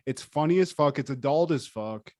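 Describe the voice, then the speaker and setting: A man co-hosting a podcast in casual chat, animated and profane, with lots of fillers. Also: a little high, normal speed, dry recording, clean studio sound. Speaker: podcast co-host.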